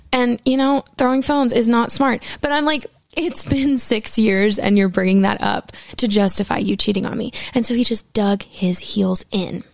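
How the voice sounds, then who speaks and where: A woman's voice: fairly high pitch, fairly even intonation, normal speed, creaky, no echo. A woman in her twenties telling a candid, profane personal story and acting out the quotes.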